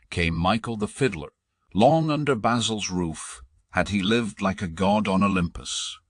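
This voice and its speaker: A man reads narrative poetry for an audiobook, measured and even. His voice is low and his pace unhurried. The recording is dry and close. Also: no echo.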